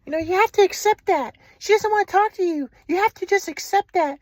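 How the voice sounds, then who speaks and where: A man voicing his mother as a cold, dismissive middle-aged woman in a high voice. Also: fairly quick, no room sound.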